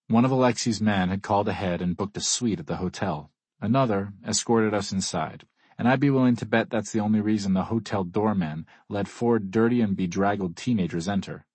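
A man's voice: on the low side, breathy edge, no echo. A man reading a first-person audiobook in a wry, dry way. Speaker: audiobook narrator. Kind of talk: scripted first-person narration.

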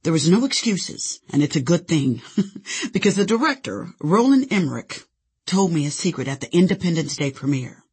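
A woman's voice: low voice, sing-song, moderate pace, darkish tone, breathy edge. A woman narrating her own memoir with sassy, conversational storytelling. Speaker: author and narrator.

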